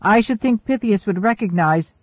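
A man's voice: sits high, expressive, no room sound. A man reading the lines of a weary, ageless male seafarer among space travelers in an audiobook. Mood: earnest. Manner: earnest, halting. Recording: thin phone-like dry audio.

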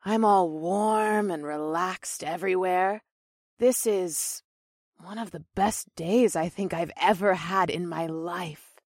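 A man's voice: high-pitched, slow pace, no room sound, studio quality, pitched above the performer's own voice. A man voicing a fierce young redheaded warrior woman who talks in a blunt, casual way. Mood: contented.

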